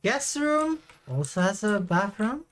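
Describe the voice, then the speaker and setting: A woman's voice: mid-range voice, very animated, measured pace. A woman streaming a video game, chatting casually to her viewers with offhand swearing. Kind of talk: casual gameplay commentary.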